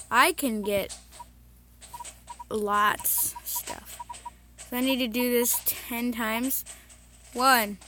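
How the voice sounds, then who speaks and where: A woman talking casually over her own mobile gameplay, chatty and self-mocking, with bursts of excited cheering. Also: a little high, slight background noise. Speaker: mobile game video host. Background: game music.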